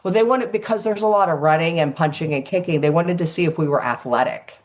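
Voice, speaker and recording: An older woman, an actress, telling lively casual stories in an interview and acting out the quotes. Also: low voice, quick pace. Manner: animated storyteller, acts out quotes, swears casually.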